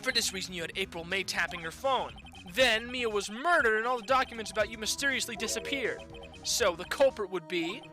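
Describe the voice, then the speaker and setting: A man's voice: sits high, a little fast, music in the background, lightly acted. A man doing an earnest young lawyer. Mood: triumphant. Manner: earnest, accusing, dramatic outbursts. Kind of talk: fan voice-over of a game.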